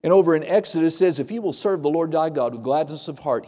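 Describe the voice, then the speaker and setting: A man's voice: fairly high pitch, lively intonation, quick pace, dark tone, in a large hall. A male pastor preaching a sermon, emphatic and repetitive, with folksy humor.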